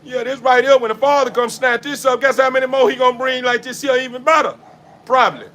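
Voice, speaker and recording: A man's voice: very high-pitched, steady tone, fast, fairly bright tone. A man talking casually while bathing his dog in a yard, laughing often and repeating himself in a preachy street-talk way. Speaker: dog breeder. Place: outdoors in a yard.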